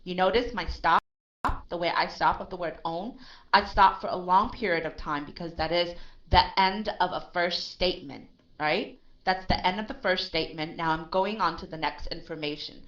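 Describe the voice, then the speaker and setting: A woman's voice: on the low side, moderate pace, a bit bright. Patient woman coaching pronunciation, lo-fi. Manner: patient, corrective, checks in with "okay?" and "right?". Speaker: English pronunciation teacher. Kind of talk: live online pronunciation lesson.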